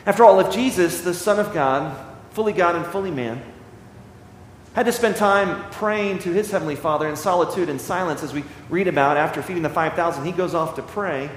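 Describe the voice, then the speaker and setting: A man with a fairly high voice delivers a sermon from a church sanctuary. He reads scripture slowly and leans hard on key phrases. The sound is roomy, with a long reverb and faint ambience behind him. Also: a little hiss or hum. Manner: slow, emphatic scripture reading. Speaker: pastor. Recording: echoey hall, slight ambience.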